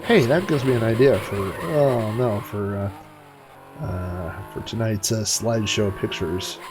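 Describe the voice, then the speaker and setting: A man's voice: fairly low pitch, slow, background noise. A middle-aged man streaming retro racing games, chatting in a rambling way and cracking dad jokes. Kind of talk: casual live-stream commentary.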